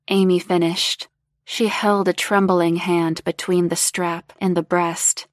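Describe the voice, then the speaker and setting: Slow, low-voiced woman narrating a story. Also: no room sound, clean studio sound. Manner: slow, even, unhurried reading.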